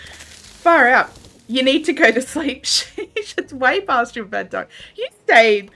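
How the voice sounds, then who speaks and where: Aussie girl streaming a game, laughs a lot, reads chat, kinda high bright voice. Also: very animated, slow. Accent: Australian. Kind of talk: casual gameplay livestream chat.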